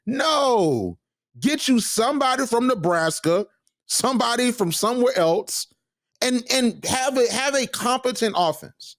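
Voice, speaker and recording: A man co-hosting a sports talk show, opinionated and animated, with frequent restarts. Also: very high-pitched, unhurried, no echo, studio quality. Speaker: co-host.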